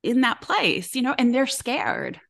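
A woman hosting a podcast talks in a casual, reflective way. Her pitch moves a lot as she strings loose phrases together. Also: wildly swooping pitch, a little slow, vocal fry, a bit bright. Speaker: podcast host. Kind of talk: casual chat.

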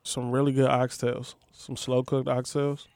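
A man's voice: medium pitch, completely flat delivery, unhurried, gravelly, darkish tone, no echo. A man who works as a chef, talking in casual chat, easygoing and hesitant with many ums.

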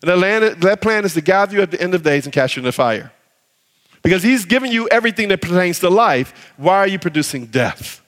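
A man's voice: sits high, expressive, a little fast, a bit bright. A man preaching a sermon as pastor, acting out voices of believers as he speaks. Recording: reverberant hall.

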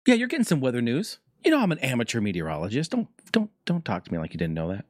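A man chatting as a show's host, loose and foul-mouthed, telling jokey stories with animated energy. His voice sits at an ordinary middle pitch. The sound is close and dry, with no room around it. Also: fast talker, hardly any pauses, no room sound. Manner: profane, jokey, animated storytelling. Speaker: podcast host. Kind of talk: casual rambling monologue.

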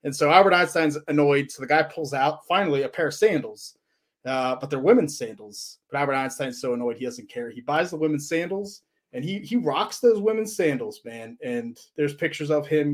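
A man in a casual podcast chat, talking at a middle pitch. He rambles loosely through his stories and tips, with frequent "um"s and restarts. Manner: loose, rambling storytelling with fillers. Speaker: podcast co-host.

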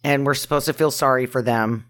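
A podcast co-host making dry, deadpan asides about a movie. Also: medium pitch, a little fast. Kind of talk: casual chat riffing on a movie.

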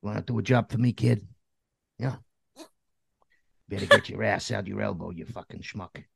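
A man putting on a gruff, sweary New Jersey mobster. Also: lowish voice, moderate pace, fairly bright tone, no echo, clean studio sound, exaggerated voice. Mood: menacing, hushed. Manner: menacing, sweary tough-guy talk.

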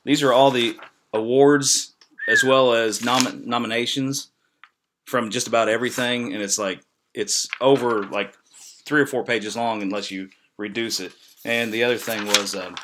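A man's voice: lowish voice, fairly even intonation, normal speed, background noise. A man from Indiana co-hosting a podcast, rambling casually with friends. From Indiana, USA. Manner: rambling, restarts often. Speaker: podcast co-host. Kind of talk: casual chat among friends.

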